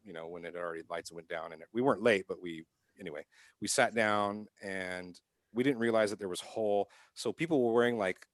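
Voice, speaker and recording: A man's voice: on the low side, a little fast, dry recording. Dry-sounding man telling profane stories. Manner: profane, animated anecdotes with frequent restarts. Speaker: podcast co-host. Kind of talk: casual chat, storytelling.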